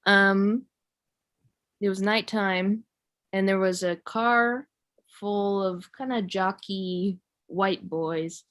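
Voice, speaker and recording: A young woman from California doing a stand-up comedy set, rambling and self-mocking in a deadpan way. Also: medium pitch, drawn-out words. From San Jose, California.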